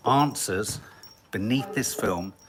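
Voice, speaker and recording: A man's voice: on the low side, slow, noisy background. A man co-hosting a casual live family stream, playful and drawing out his questions to viewers. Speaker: co-host.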